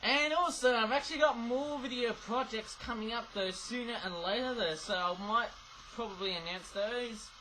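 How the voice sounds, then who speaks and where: High-pitched guy rambling on about toys into his webcam, keeps going "though, eh?". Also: normal speed, pushed and bright, slight background noise, rough recording. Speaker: toy reviewer. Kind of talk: casual toy review vlog.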